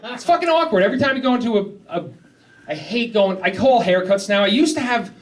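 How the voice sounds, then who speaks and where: A man's voice: high-pitched, a little fast. A young man doing a rambling, self-deprecating stand-up set, swearing often and undercutting his own jokes. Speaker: stand-up comedian. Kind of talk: open-mic stand-up set. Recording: live club mic, heard from a distance with audience. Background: crowd laughter.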